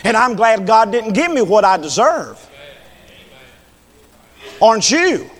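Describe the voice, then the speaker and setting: A man preaching a sermon from the pulpit, swinging from low, quiet talk to high, impassioned shouts. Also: sing-song, slow, in a large hall. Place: church sanctuary.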